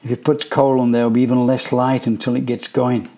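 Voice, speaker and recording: Male narrator, quiet and tense storytelling, mid-pitched. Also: flat delivery. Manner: slow, hushed, suspenseful. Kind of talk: scripted narration.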